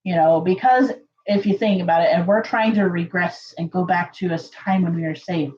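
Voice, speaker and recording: A woman telling a story to her viewers in a casual, chatty way, full of fillers and lively jumps in pitch. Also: moderate pace, dull audio. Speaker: channel host.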